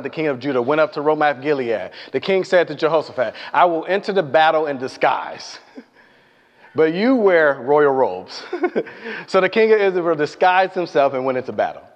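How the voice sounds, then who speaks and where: A man preaching a sermon in a large hall, his voice carrying a long reverb tail. He retells the scripture with animated storytelling and slips into voices for the characters. The recording is muffled and lo-fi, and his pitch sits a little above the usual for a man. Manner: animated storytelling, acting out voices and asking the congregation questions.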